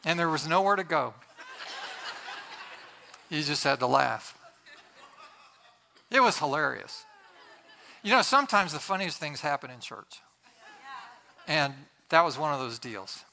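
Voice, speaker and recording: Male preacher, middle-aged, high voice, animated storytelling, laughs often. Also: measured pace, gravelly, long pauses. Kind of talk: sermon with a humorous story.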